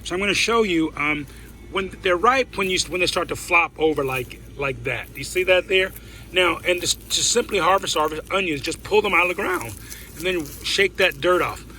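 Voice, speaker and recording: Chatty middle-aged man with a higher voice. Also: moderate pace, pushed and bright, slight background noise, low-quality recording. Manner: chatty and folksy, with many fillers and restarts. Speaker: cooking show host. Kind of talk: casual cooking demonstration. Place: home garden, then a home kitchen.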